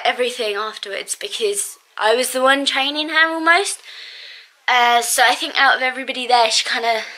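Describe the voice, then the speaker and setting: A woman's voice: a little high, bright, forceful tone. A woman telling a story casually to camera, venting in an exasperated way, with many fillers and bursts of laughter. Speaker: vlogger.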